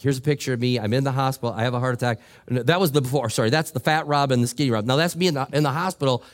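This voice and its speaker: A middle-aged male pastor preaching a sermon, telling a joking, animated story with quoted voices. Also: medium pitch. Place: church sanctuary.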